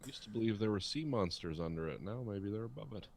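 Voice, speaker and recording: A man co-hosting a podcast in casual chat, joking in a dry, deadpan way. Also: on the low side, fast talker, gravelly, noisy background. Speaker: podcast co-host.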